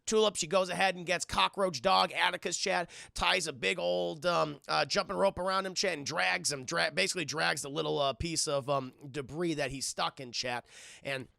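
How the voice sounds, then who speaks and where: A man streaming a loose cartoon recap who rambles, swears, and keeps turning to address his chat. His voice sits a bit high for a man and is bright, with heavy vocal fry. The sound is dry and close. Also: steady tone, normal speed, dry recording. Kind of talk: casual live-stream episode recap.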